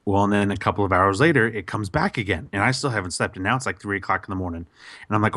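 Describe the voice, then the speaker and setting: A man on a podcast telling a story in a casual, animated way, with many fillers and restarts. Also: fairly low pitch, fast, dry recording. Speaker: podcast host.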